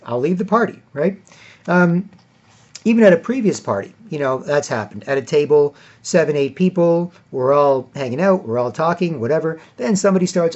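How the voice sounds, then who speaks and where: A man's voice: a little high, animated, moderate pace, darkish tone. A man telling a long casual story in a rambling way, tagging his sentences with "right?" and "whatever". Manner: acts out other people in a raised, mocking voice. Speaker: vlogger. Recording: dull lo-fi recording.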